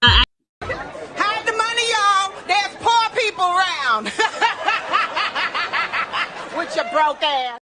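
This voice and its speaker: A man doing a shrill snooty rich lady. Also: animated, extremely slow, long pauses, a loud crowd, heavy background noise, heavily acted. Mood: mocking. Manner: shrill falsetto, laughing mockery. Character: snooty rich woman mocking poor people.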